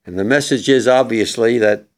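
An older war veteran giving an emotional, halting memorial speech to young people in a hall. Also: male voice, mid-range voice.

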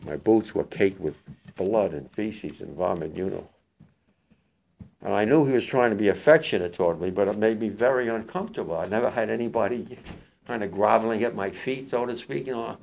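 An older man, a war veteran, gives spoken testimony to young listeners, halting and emotional with many restarts. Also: on the low side, creaky, a little mellow, a little hiss or hum.

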